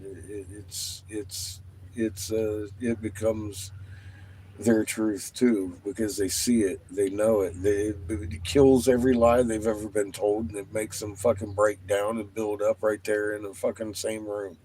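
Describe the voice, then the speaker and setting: A man hosting his own channel, talking casually to viewers, animated and profane, laughing often. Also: fairly low pitch, a little slow, slight background noise. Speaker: channel host.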